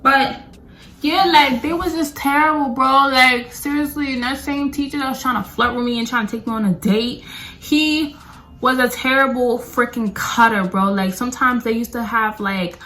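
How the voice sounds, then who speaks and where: A young woman, telling a rambling, animated storytime while doing her makeup for a beauty vlog. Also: high voice, normal speed. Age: young adult. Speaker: beauty vlogger. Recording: echoey room.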